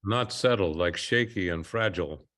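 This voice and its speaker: A man working as a therapist, guiding a client through a slow, soothing body-awareness exercise. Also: sits low, a bit bright. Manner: slow, soothing guided instructions. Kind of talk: guided therapy session.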